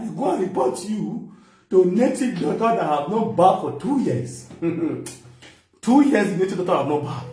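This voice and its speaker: A Nigerian man with a high voice runs a teasing comic bit, mocking and laughing as he goes. He sounds set back from the mic. The room around him rings with echo. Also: darkish tone. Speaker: comedian. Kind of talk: comic mock phone call. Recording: echoey room, mic at a distance.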